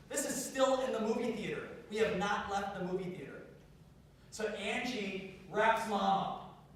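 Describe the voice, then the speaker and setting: A man giving a campus talk, telling stories and urging the students, dropping to a hush and then rising to loud calls. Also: high voice, slight background noise. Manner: storytelling, urges the crowd, swings from hushed to loud. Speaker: pro-life speaker. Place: university lecture hall. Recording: very echoey hall, far-off mic.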